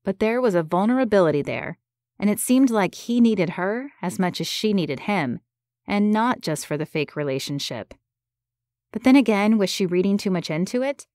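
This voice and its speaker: A woman giving scripted narration of a romance audiobook in a measured, gentle way. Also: medium pitch, expressive, no echo, studio quality.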